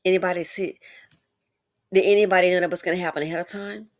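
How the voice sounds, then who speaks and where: A woman's voice: fairly low pitch, quick pace. A woman hosting a casual commentary monologue, speaking straight to her viewers with exclamations and rambling asides. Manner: animated, talks straight to viewers. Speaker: commentary channel host.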